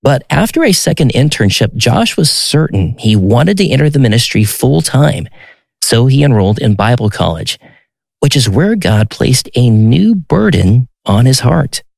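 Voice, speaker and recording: Male narrator, gravelly voice, dry close sound, measured scripted delivery. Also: mid-range voice, very animated, darkish tone, no echo.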